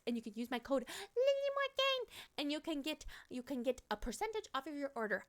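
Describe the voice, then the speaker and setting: A young woman with a Midwestern American accent chats with her stream viewers in an animated, loose way. Her voice sits a little high, and she swears and laughs often as she talks. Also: a little fast, a little hiss or hum. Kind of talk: casual chat with viewers.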